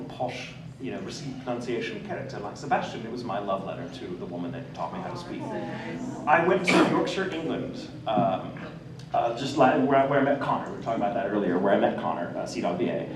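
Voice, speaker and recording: Speaking a little quickly in a lowish voice, this American voice actor is captured from a distance in an echoing hall full of background noise. He tells stories at a convention panel with a lot of laughter, staying animated and laughing frequently himself.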